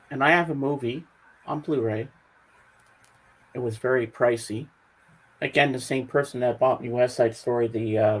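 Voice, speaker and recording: A man's voice: mid-range voice, slightly rough, low-quality recording. A man co-hosting a casual chat, upbeat and talkative, eager to share favorites. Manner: upbeat, chatty, bursts into song snippets. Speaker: regular co-host.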